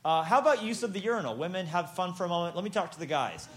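A man with a slightly high-pitched voice delivers a humorous sermon from the pulpit. He is playful and tells stories, breaking into little acted-out exchanges as he goes. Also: lively intonation, very fast, a bit bright. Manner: playful, storytelling, acts out exchanges. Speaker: pastor.

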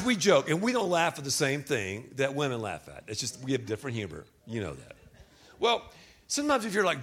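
A middle-aged male pastor preaching a joking sermon. His fairly high voice swings widely in pitch as he banters with the congregation and leads them in call-and-response. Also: a little hiss or hum. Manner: animated, joking, addresses the congregation directly.

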